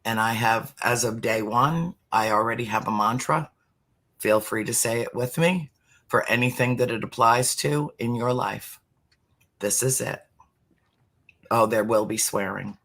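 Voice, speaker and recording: In a heartfelt talk about spiritual matters, a middle-aged man speaks with measured, unhurried care. His mid-range voice has a fairly bright tone, and now and then he lowers it to a near-whisper for emphasis.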